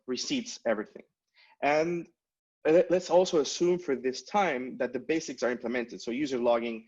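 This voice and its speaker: Man giving a casual tech talk, lo-fi. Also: medium pitch. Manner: casual, many fillers and restarts. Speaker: conference speaker.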